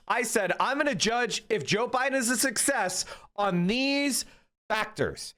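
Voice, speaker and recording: A man's voice: high voice, a bit bright. A man hosting a live political stream, blunt and combative, talking directly to his chat.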